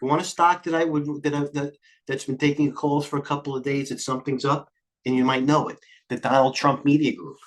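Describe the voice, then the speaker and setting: Breathless, fast-talking trading host. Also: male voice, medium pitch, flat delivery. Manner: rapid, scattered, jumps between tickers. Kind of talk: live market commentary.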